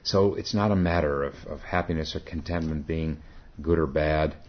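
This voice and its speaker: In a dull, lo-fi recording with a little hiss or hum, a very deep-voiced man speaks as a Zen teacher giving a dharma talk. He tells a story haltingly, frequently stopping to correct himself.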